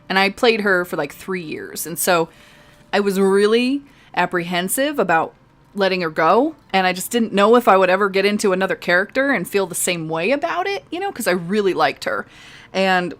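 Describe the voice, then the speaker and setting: A woman's voice: mid-range voice, fairly bright tone. Chatty, rambling woman gamer. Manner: chatty, rambling, laughs often. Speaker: live-stream gamer. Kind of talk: casual chat over gameplay.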